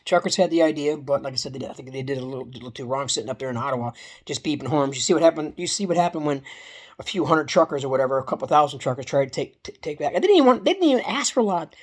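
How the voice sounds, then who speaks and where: A woman's voice: sits low, animated, racing, a little mellow. A woman delivers a heated, profane political rant in a casual vlog, repeating herself and restarting sentences. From Canada.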